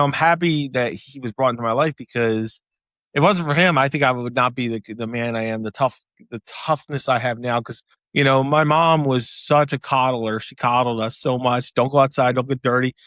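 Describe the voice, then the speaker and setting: A man in his thirties co-hosting a casual parenting podcast, telling relaxed stories. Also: mid-range voice, dry recording, studio quality. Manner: relaxed storytelling, animated quotes. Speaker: podcast co-host. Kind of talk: casual chat.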